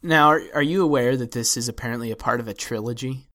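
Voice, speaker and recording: A man's voice: mid-range voice, fast, a bit bright. A man hosting a film podcast in casual discussion, talking in a wry, hesitant way with many restarts. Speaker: podcast host.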